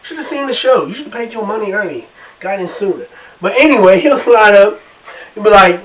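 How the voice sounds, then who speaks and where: High-pitched male comic, chatty stand-up delivery with audience asides, recorded on a distant mic in a basement. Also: expressive, fairly quick, fairly bright tone. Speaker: stand-up comedian. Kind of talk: stand-up comedy set. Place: home basement.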